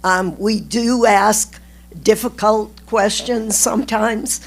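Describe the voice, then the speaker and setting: A woman on a residence board, making an earnest statement at a town hall meeting while she is losing her voice. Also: medium pitch. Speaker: board member.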